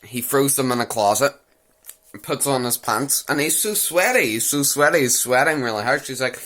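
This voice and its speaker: A man's voice: mid-range voice, normal speed, fairly bright tone. A young man giving a crude, mocking, rambling recap of an anime episode, repeating phrases as he rants. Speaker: anime reviewer. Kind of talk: casual ranting recap.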